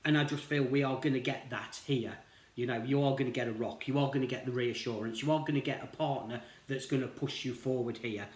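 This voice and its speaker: A man's voice: medium pitch, fairly even intonation, fairly quick. Rambling, reassuring male tarot reader. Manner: rambling, reassuring, peppered with "you know". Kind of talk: casual spiritual tarot reading. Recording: roomy echo.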